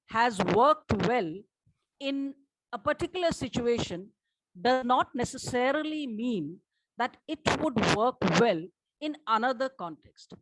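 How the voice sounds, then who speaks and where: Slightly high-pitched woman presenting research. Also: low-quality recording. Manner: measured, asks for next slide often. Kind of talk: conference presentation with slides.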